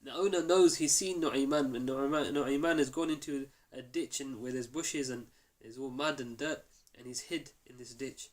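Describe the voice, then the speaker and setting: A male teacher tells a story to his class, acting out each quoted line with energy. His voice sits at a medium pitch. The lesson is recorded in a mosque. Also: moderate pace, few pauses.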